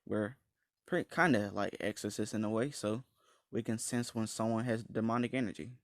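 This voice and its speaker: A man voicing a calm young woman, a nun explaining herself plainly, with restarts and fillers. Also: lowish voice, normal speed, no echo, clean studio sound, close to an everyday voice. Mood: matter-of-fact.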